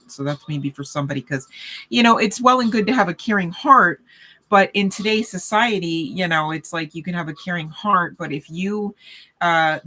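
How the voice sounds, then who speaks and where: Bright-voiced chatty woman reader. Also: low-pitched. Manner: chatty, full of "you know" and "okay?" check-ins. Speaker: tarot reader. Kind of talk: casual spiritual reading talk.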